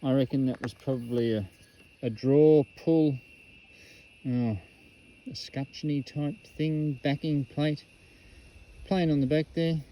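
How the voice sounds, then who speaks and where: An Australian man excitedly showing off metal detecting finds at an old rubbish dump, in a casual outdoor vlog full of slang. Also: fairly high pitch, slow pace, long pauses, highs cut off.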